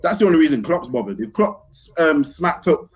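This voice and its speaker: Against a background crowd, a male co-host with a highish voice and big pitch swings talks fairly quickly on a casual football podcast. He argues his point in slang and keeps asking whether you get what he's saying.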